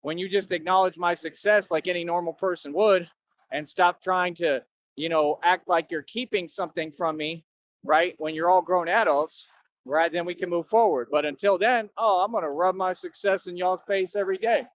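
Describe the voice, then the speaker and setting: A man's voice: high-pitched, fairly even intonation, normal speed. A man rambling and bragging in a casual livestream rant, often tacking on "right?". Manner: boastful, rambling, keeps asking "right?". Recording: dull lo-fi dry sound.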